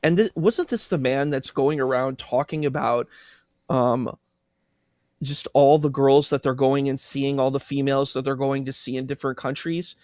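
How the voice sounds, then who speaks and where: A man as a guest on a livestream talk show, chatting casually in an animated, exasperated way. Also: medium pitch, moderate pace, no echo, studio quality.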